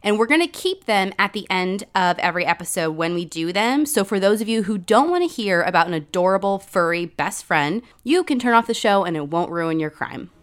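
Animated woman podcast host. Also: medium pitch, a little fast, few pauses. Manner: animated, acts out quoted dialogue, frequent "like". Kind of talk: casual chat, storytelling.

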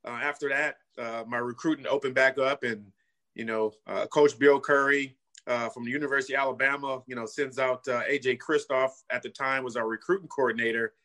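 A middle-aged Californian man, once a football player, tells the story of his past earnestly and casually, sprinkling in "you know" and "man." His voice is bright and forward at an everyday pitch, steady in tone and brisk.

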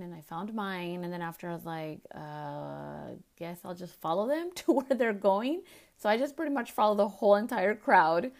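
A woman podcast host and health coach, telling a personal story in a chatty, laughing way and mixing Spanish words into her English. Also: lowish voice. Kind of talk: casual storytelling.

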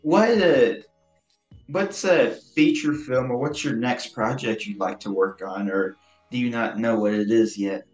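A male interviewer asks short questions with a small hesitation, sounding off-mic in a roomy space. His pitch is ordinary, with faint music in the background. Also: unhurried, a little mellow. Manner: brief, slightly hesitant questions.

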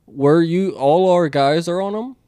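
A man in a casual chat, telling work stories with lots of swearing and laughter, acting out coworkers in loud high voices. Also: a little slow, smooth, dry recording. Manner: storytelling, acts out coworkers with loud high quotes, laughs a lot, swears freely.

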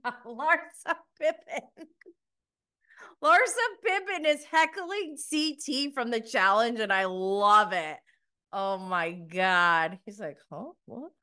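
A woman chatting through a casual show recap, giggly and gushing one moment and exasperated the next. Her voice is bright and sharp, and she takes her time with the words. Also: medium pitch. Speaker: TV show reviewer.

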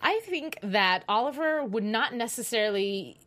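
A woman co-hosting a casual TV recap chat, lively and analytical as she talks. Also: a little high, a little hiss or hum. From United States. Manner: lively, analytical, quick to laugh. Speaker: co-host.

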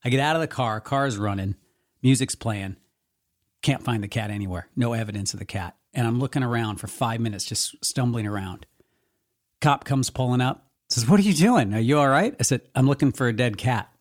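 A man from Eastern Washington co-hosting a podcast, telling stories in animated casual chat and swearing freely. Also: medium pitch, a little fast. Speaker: podcast co-host.

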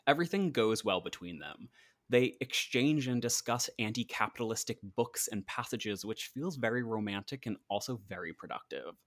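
A man's voice: fairly low pitch, lively intonation, normal speed, fairly bright tone, no echo, studio quality. A man co-hosting a podcast, telling a history story in a chatty, casual way with lots of "like". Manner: chatty, uses "like" often, acts out quotes. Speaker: podcast co-host.

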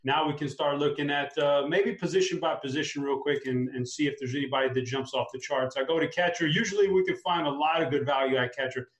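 A man hosting a casual fantasy sports chat, upbeat and talking his picks through out loud. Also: fairly high pitch, fairly even intonation, quick pace, few pauses, reverberant, poor audio. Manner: upbeat, talks through a lineup aloud. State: clearing a tickle in his throat. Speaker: fantasy sports show host.

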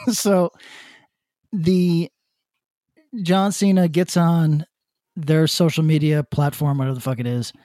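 A man co-hosting a podcast, ranting bluntly with swearing and halting restarts. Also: a little high, steady tone, dark tone, no echo, clean studio sound. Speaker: podcast co-host. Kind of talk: casual opinion rant.

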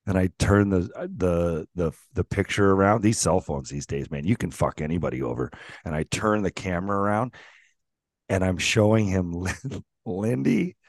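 A middle-aged man with a very low voice spins animated stories in a casual podcast chat. He swears freely and acts out the quotes. The recording is dry and close. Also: moderate pace, no echo. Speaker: podcast co-host, former pro hockey player.

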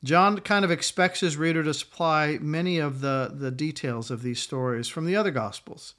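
A man's voice: fairly high pitch, moderate pace, fairly bright tone. A middle-aged man preaching a sermon in a conversational way, acting out quotes along the way. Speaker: pastor.

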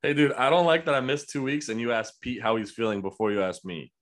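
A man's voice: mid-range voice, fairly even intonation, fast talker. A young man co-hosting a casual podcast, teasing and sarcastic. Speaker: podcast co-host. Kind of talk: casual chat.

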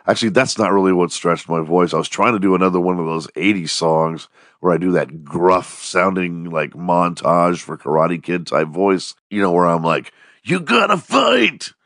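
A man's voice: low voice, no echo, clean studio sound. A man, hosting a casual, profane monologue podcast with a strained, worn-out voice. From Texas. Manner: profane, jokey, animated storytelling. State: strained, losing his voice. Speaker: podcast host.

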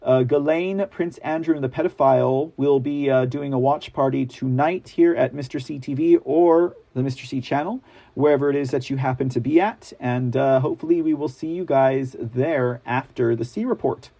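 A man's voice: mid-range voice, moderate pace, warm tone. A man hosting an online political commentary show, talking casually to his viewers with many fillers and sarcastic asides. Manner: chatty, many fillers, addresses viewers as guys; sarcastic asides when reading articles. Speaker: news commentary host.

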